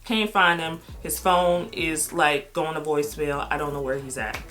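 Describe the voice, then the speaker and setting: A woman's voice: low-pitched, fairly even intonation, moderate pace, fairly bright tone, faint music behind. A middle-aged woman vlogger telling a personal story in a casual, candid way, blunt and swearing freely.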